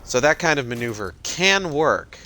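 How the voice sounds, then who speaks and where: A man's voice: medium pitch, sing-song, moderate pace, bright, forceful tone. A man casually talking while playing a video game, rambling with lots of fillers and cursing freely. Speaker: gaming streamer. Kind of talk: casual let's-play commentary.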